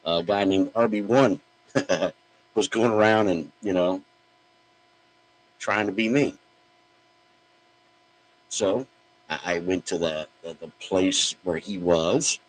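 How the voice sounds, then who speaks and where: Blunt, husky deep-voiced man ranting. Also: slow, pauses often, poor audio. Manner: blunt, profane, mocking. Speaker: podcast host. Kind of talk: opinionated podcast rant.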